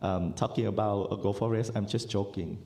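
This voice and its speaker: A man's voice: fairly low pitch, steady tone, fairly quick, vocal fry, dark tone. A man interpreting a student's questions for a teacher, speaking hesitantly with many fillers. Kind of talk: translating questions. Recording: roomy echo.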